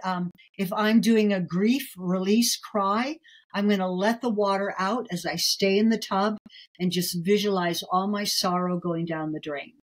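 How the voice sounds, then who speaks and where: Middle-aged lady herbalist chatting on a podcast, soft and rambly, lots of ums. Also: mid-range voice, rough recording. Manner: gentle, chatty, frequent um fillers. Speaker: herbalist guest. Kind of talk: casual conversational interview.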